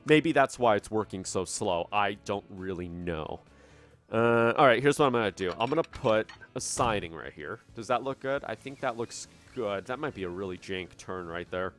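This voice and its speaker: A man's voice: on the low side, expressive, normal speed, a bit bright. A man giving casual commentary on his own train-building game, thinking aloud and puzzling over problems as he plays. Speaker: gameplay commentator. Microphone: studio dynamic microphone.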